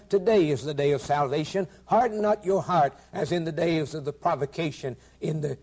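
A man's voice: a little high, a little mellow. A man preaching a sermon, earnest and emphatic, quoting scripture in old-fashioned wording and putting questions straight to his listeners. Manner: direct address to listeners with rhetorical questions.

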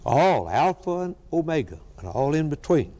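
A man delivers a fervent sermon, driving his points home through repetition. His pitch swings widely between high declarations and low, quiet phrases. The recording carries the long reverb of a large hall. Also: very animated, moderate pace. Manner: fervent, emphatic preaching with repetition. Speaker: preacher.

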